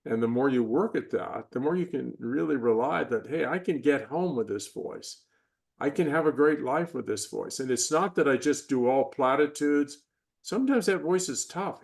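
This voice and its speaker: An older man talking through ideas in a podcast interview, in a measured and reflective way. He slips into short acted voices to show what he means. His pitch sits mid-range for a man. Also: expressive, gravelly, darkish tone. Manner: reflective, measured, acts out inner and parental voices. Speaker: guest, performance psychologist. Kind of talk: conversational interview.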